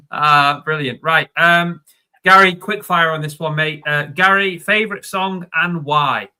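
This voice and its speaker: A man hosts a live stream, chatting loosely as he reads out viewer questions. His voice sits a little high and rings very bright and forceful. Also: slow, clean tone. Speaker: host.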